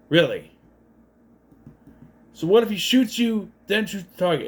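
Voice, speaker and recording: Casual male movie reviewer, lively delivery, sarcastic and fed up. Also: high-pitched, slow pace, long pauses. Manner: exasperated, sarcastic, swears often. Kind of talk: casual movie recap and rant.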